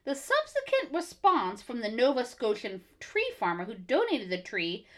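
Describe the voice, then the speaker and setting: A woman's voice: on the high side, huge pitch swings, normal speed, a bit bright. A woman co-hosting a casual podcast, reading facts from her notes with blunt, sarcastic asides. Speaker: podcast co-host.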